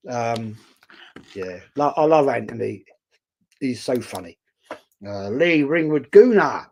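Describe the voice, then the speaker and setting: A man's voice: mid-range voice, lively intonation, slow pace, creaky, long pauses, darkish tone, slight background noise. A man chatting casually on a live stream, reading out viewer comments and answering them bluntly. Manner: blunt, outspoken, chatty, calls viewers mate.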